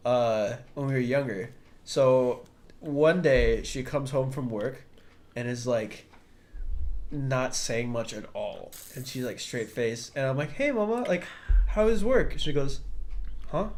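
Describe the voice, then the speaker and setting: A man's voice: mid-range voice, a little mellow. A young man co-hosting a podcast, telling a childhood story in casual chat and acting out the voices he quotes. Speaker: podcast co-host.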